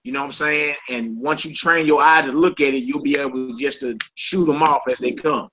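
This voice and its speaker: Bright-voiced man teaching a class. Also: mid-range voice, steady tone, fairly quick, lo-fi sound, a little hiss or hum. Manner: informal, repeats "you know what I'm saying".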